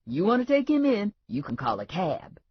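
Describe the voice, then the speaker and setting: Woman reading as a sassy loudmouth sidekick lady, husky, bouncy pitch, dull dry audio. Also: huge pitch swings, moderate pace, no room sound. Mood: indignant. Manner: loud, mouthy, scolding. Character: brash sassy woman sidekick, loud and blunt.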